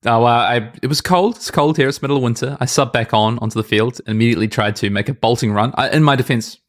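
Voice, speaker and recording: A man in his late twenties co-hosting a podcast in brisk, chatty, self-deprecating talk. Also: mid-range voice. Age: late 20s. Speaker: podcast co-host. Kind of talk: casual podcast chat.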